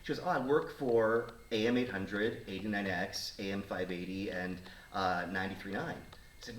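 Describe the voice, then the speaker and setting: A man's voice: fairly low pitch, normal speed. A man, a radio talk show host in his thirties, telling a story casually and acting out the voices of the people in it. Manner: animated, acts out quoted voices. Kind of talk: casual storytelling to a studio audience. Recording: roomy sound, mic at a distance, faint noise.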